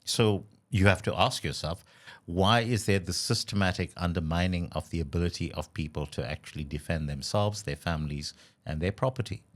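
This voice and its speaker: A man with a very deep, low voice, co-hosting a political podcast. He argues in a measured, formal way, building each point deliberately. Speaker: podcast co-host. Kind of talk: casual political discussion.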